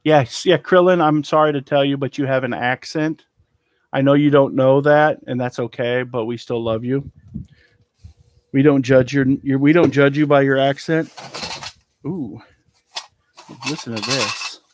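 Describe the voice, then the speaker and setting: This eBay reseller speaks at a measured pace in a medium-pitched voice with long pauses, recorded dry. Sitting in a cluttered indoor storage room, he casually walks through his haul in a live chat, rambling and trailing off with ums.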